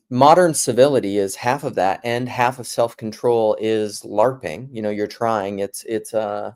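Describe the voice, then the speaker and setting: A man's voice: fairly low pitch, a little mellow. A man from South Dakota talking casually, wandering between ideas with many restarts and self-corrections. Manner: digressive, thinks aloud with many restarts. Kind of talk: casual rambling talk.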